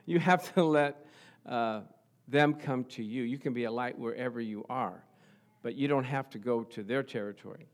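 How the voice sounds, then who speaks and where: A middle-aged male pastor preaching a sermon to his congregation, chuckling at times and building to loud, fervent passages of scripture. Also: medium pitch, a little slow, pauses often. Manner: chuckles often, talks to the congregation.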